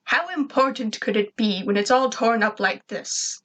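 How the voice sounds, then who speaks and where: A woman's voice: fairly high pitch, moderate pace, lightly acted. A woman voicing a short-tempered male alien invader who screams and snaps orders. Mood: irritable.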